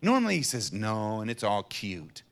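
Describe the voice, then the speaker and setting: A middle-aged man earnestly telling a personal faith testimony in an interview, dropping to a hush and then rising to emphatic passages. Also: mid-range voice, animated, a little slow. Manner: earnest storyteller, swings from hushed to emphatic. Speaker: guest sharing a personal testimony.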